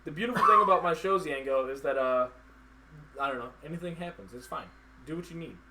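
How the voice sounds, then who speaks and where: A man's voice: fairly high pitch, fast, sharp tone, a little hiss or hum. Rambling man hosting a live show. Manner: loose, rambling, lots of fillers and "like". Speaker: host. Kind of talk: casual live-stream interview.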